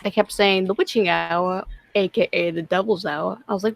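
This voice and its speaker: A woman's voice: medium pitch, fairly even intonation, normal speed, creaky. A woman in her thirties co-hosting a late-night livestream chat, teasing and swearing freely. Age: 30s. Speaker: co-host.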